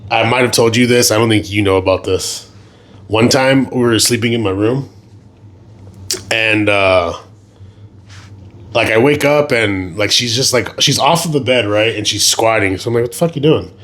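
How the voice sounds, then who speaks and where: A young man with a fairly low voice co-hosts a casual podcast. He tells stories in an animated way, swears freely, and his voice rises sharply when he gets indignant. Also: normal speed, long pauses. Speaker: podcast co-host. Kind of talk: casual chat.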